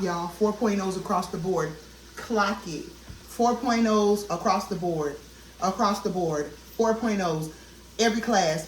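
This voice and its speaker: A woman's voice: mid-range voice, slight background noise. Heartfelt woman vlogging in an echoey kitchen. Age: 30s. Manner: heartfelt, testifying, addresses viewers as y'all. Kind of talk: casual talk while cooking. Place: home kitchen. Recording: echoey kitchen, mic at a distance, cooking sizzle. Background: frying and sizzling food.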